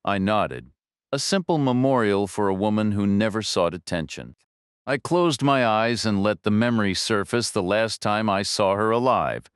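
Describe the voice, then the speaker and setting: Smooth low-voiced male audiobook narrator. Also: no room sound. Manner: measured, low-key, dry. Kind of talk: first-person scripted audiobook narration.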